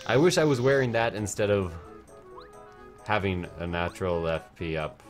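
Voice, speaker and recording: A man's voice: low voice, lively intonation, moderate pace, faint music behind. A man from France riffing and laughing while commenting on a video game with a friend. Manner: joking, giggly, riffing on quotes. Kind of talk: let's play commentary.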